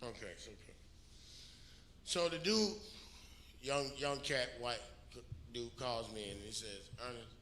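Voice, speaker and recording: A man's voice: medium pitch, slow pace, long pauses, fairly bright tone. A middle-aged man, co-hosting a radio talk show and telling a long story in a profane, emphatic way, often checking in with "you know what I'm saying". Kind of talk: casual storytelling chat. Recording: roomy echo with faint noise.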